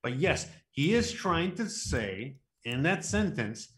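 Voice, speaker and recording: Male co-host, rambling and profane, slightly higher pitch. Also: big pitch swings, slow pace. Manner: rambling, lots of fillers, crude swearing. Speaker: podcast co-host. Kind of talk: casual chat.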